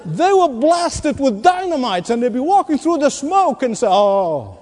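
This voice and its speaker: A man preaching in a high, mellow voice that rings through a big hall with a long echo. He delivers his sermon with force, repeating key phrases and dropping to near whispers for effect. He comes across as a pastor working a congregation. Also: big pitch swings, moderate pace. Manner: emphatic preaching, repeats key lines, swings from loud to hushed.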